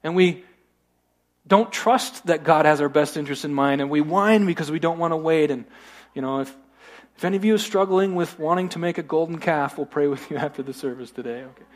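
Man, pastor, high voice, casual jokey sermon, church. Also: a little fast. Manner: conversational, joking asides.

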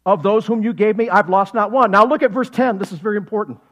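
A man preaching a sermon, animated and jokey, acting out quotes with sudden loud shouts and laughing often. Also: sits high, quick pace. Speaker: pastor.

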